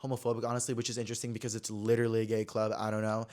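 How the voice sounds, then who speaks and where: This podcast host, a man in his twenties, races through a personal story with a fairly low, darkish voice and a completely flat delivery. The chat is casual and filler-heavy, its mood swinging between dramatic and subdued.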